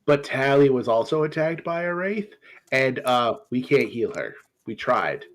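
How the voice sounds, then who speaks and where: A man's voice: mid-range voice, animated, unhurried. Stammering, apologetic man player. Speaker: tabletop game player. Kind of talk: in-character role-play.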